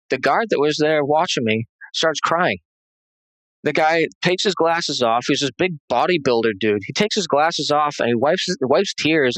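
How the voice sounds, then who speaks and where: A man's voice: a little high, a bit bright, dry recording, poor audio. Rambling man telling a tense story. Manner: rambling, many restarts and fillers; tense, agitated retelling. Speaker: interview guest. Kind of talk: recounting a personal story.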